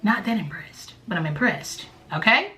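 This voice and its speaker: Bright-voiced chatty woman vlogger. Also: normal speed, faint music behind. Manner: chatty, animated, talks straight to the viewer; bursts into a high, loud voice when quoting herself. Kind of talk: casual storytime vlog.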